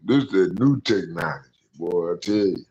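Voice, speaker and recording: An animated young man holds forth on a casual call-in stream, his voice swinging up and down as he rants, loose and profane. The sound is echoey and a bit dull, like a lo-fi room recording. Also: deep voice, moderate pace, slight background noise. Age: young adult. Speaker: stream host.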